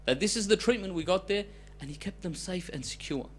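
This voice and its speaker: A man preaching a sermon as a story, with loudness that swings between emphatic lines and soft, hushed ones. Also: high voice, expressive, a little fast, a little hiss or hum.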